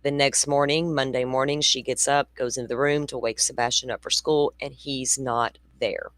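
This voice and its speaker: A woman's voice: very deep voice, fairly even intonation, moderate pace, no room sound. Chatty blunt woman hosting a true crime show. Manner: chatty, blunt, rambling asides. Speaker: true crime podcast host. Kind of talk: casual livestream commentary.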